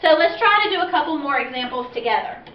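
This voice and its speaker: A high-voiced woman teacher walks parents through the reading steps one at a time, clear and patient. She sounds a little far from the mic, in a room with plenty of echo, and the recording is slightly dull. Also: expressive, fast, slight background noise. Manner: clear, patient, step-by-step explaining. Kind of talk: instructional video for parents. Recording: roomy, distant, dull-sounding classroom recording.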